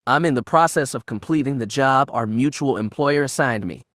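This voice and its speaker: A man doing a gruff, terse bounty hunter. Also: mid-range voice, normal speed, fairly bright tone, no echo, clean studio sound, close to an everyday voice.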